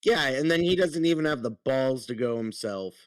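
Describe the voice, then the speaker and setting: A man's voice: medium pitch, animated, normal speed, no room sound, far from the mic. Male podcast co-host, teasing and crude, dry mic set back a bit. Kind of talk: casual podcast chat.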